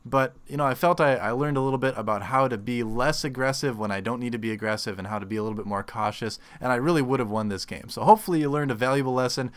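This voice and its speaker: A man's voice: mid-range voice, fast, hardly any pauses. A man casting a replay of his own game, rambling with frequent restarts and groaning at his mistakes. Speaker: game caster. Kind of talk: self-deprecating replay commentary.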